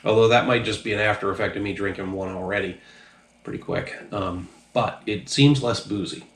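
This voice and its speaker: A man's voice: on the low side, a little fast, fairly bright tone, echoey room. A man casually reviewing drinks on his channel, a little tipsy, talking loosely and profanely with lots of ums. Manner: loose, profane, rambling with many fillers.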